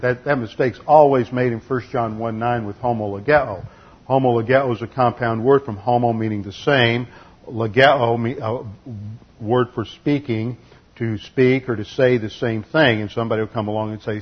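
A man's voice: mid-range voice, moderate pace, breathy edge. Man, Bible teacher, expository lecture, methodical, spells out Greek words, muffled lo-fi sound. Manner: lecturing, corrects translations. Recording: slightly muffled lo-fi recording.

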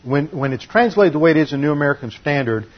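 Male pastor, expository sermon, husky tone, dull lo-fi recording, methodical point-by-point teaching. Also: a little high, fast. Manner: methodical teaching, numbered points, steady emphasis.

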